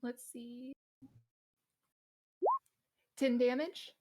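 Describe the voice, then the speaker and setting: A woman's voice: on the high side, steady tone, extremely slow, dark tone, a little hiss or hum. A woman playing a tabletop game, chatting casually with laughs and playful self-deprecation. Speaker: player.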